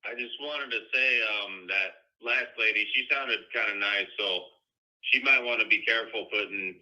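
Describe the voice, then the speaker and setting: A man calling into a show and calmly mocking the host. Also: on the low side, normal speed. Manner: taunting, calm mockery. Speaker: caller. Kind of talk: phone call-in. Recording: dull lo-fi phone line.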